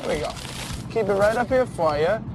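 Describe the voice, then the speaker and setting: A needling young dude, kinda high voice, car rumble and street noise behind. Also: male voice, lively intonation, fairly quick. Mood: mocking. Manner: sarcastic, needling. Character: young man driving, mocking his friend over food. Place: inside a car. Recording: car noise with outdoor traffic.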